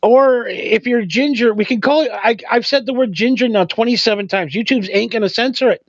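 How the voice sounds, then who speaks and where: A man's voice: very high voice, fairly quick, dry recording, lo-fi sound. A man co-hosting a casual chat, joking crudely and drifting into tangents. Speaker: podcast co-host.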